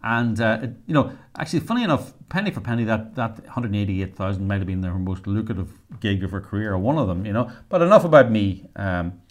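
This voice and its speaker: A man co-hosting a casual podcast chat, telling stories in an animated way and mimicking the people he quotes. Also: fairly low pitch, fast, hardly any pauses. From Ireland. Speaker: co-host, filmmaker.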